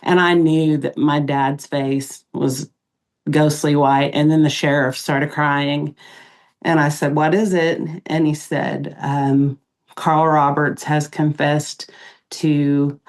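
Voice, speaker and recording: A middle-aged woman, a podcast guest, recounting events in an emotional interview, halting with many pauses and fillers. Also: low voice.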